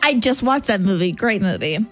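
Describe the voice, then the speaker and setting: A woman's voice: medium pitch, lively intonation, moderate pace, soft background music. A woman co-hosting a morning radio show in casual banter. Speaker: radio co-host.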